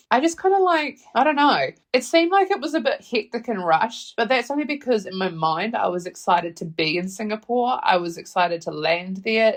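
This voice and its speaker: A woman telling a travel story as a podcast host, animated and quick to laugh, swearing freely and acting out her own reactions. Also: fairly low pitch.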